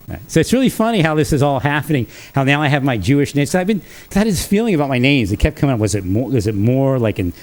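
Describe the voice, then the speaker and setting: A man's voice: mid-range voice, big pitch swings, quick pace, few pauses, darkish tone. A man talking alone on his livestream, rambling and chuckling often between thoughts. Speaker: livestream host. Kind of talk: rambling solo livestream talk.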